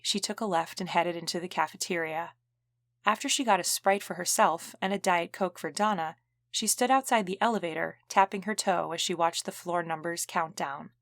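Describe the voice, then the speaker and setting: A woman narrating an audiobook in an even, clear storytelling manner. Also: lowish voice, dry recording, studio quality. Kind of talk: scripted narration.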